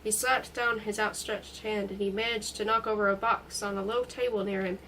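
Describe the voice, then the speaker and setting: A woman's voice: medium pitch, fairly even intonation, moderate pace, pushed and bright, slight background noise, low-quality recording. Woman reading a novel aloud. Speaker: reader.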